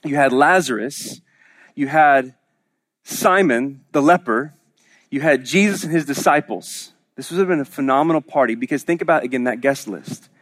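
A man's voice: mid-range voice, moderate pace, a bit bright. A man from Oklahoma preaching a sermon as pastor, in a conversational, joking storytelling manner with frequent restarts.

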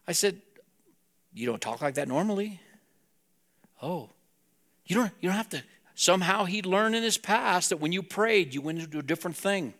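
A man's voice: high voice, lively intonation, normal speed, fairly bright tone. A man preaching a sermon as a pastor, talking plainly and directly to his congregation.

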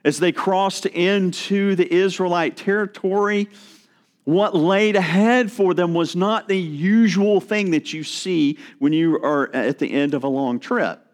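A middle-aged man preaching a sermon, slow and earnest, dropping to a hush for emphasis. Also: high-pitched. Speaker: pastor.

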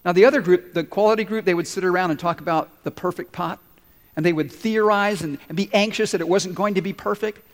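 A man's voice: sits high, fast. A man preaching a sermon, telling stories and acting out the people in them as he goes. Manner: storytelling preacher, voices the people in the story. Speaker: pastor. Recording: long reverb of a large hall.

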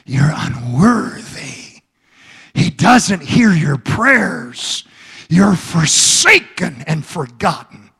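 A male preacher voicing Satan as a sinister, accusing devil in a hushed, raspy whisper. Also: on the high side, sing-song, extremely slow, voice pushed down, heavily acted.

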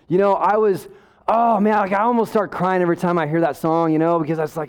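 A man with a notably high voice preaches a sermon to his congregation. He talks in a loose, conversational way, full of asides and jokes, and he sounds fired up. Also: lively intonation, normal speed. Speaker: pastor.

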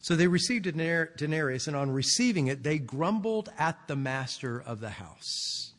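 A man's voice: fairly high pitch, very animated, moderate pace, fairly bright tone, in a large hall. A man preaching an expository sermon in a conversational, explanatory way.

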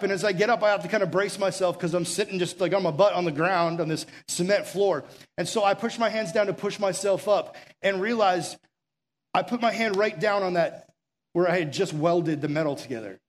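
High-pitched and brisk, a young pastor preaches with urgency and sincerity. He narrates stories casually, with fillers, and at times lowers to soft, intimate stretches.

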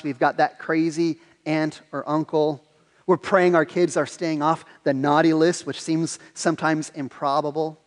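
A pastor with a high voice delivers a sermon, telling his stories with animated energy. He often restarts and repeats words as he goes. His voice rings out with a long reverb in a church sanctuary.

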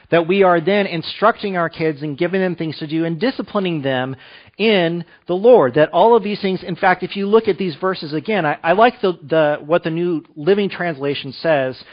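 A man's voice: sits high, highs cut off. A man in his thirties preaching a sermon as pastor, talking conversationally and asking his listeners questions. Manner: conversational, asks the room questions.

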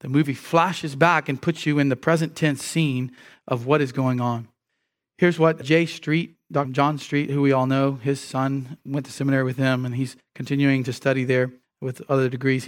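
A man preaching an expository sermon, emphatic and often repeating words as he teaches. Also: medium pitch.

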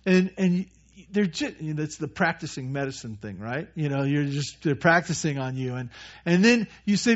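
A man preaching a conversational sermon as pastor, with many restarts and quick acted-out asides. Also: a little high, expressive. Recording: dull lo-fi church recording.

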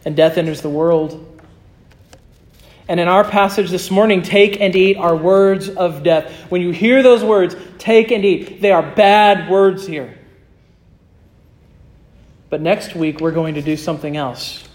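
A male pastor with a fairly high voice preaches a sermon and then closes in prayer. He is earnest, slowing down and softening his voice when he wants to stress a point.

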